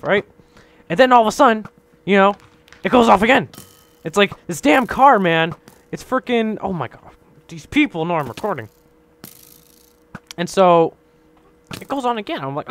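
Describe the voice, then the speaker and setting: A man telling a rambling, animated story over his gameplay, tagging many lines with "right?" and laughing often. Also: high voice, normal speed, long pauses. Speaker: gaming channel host.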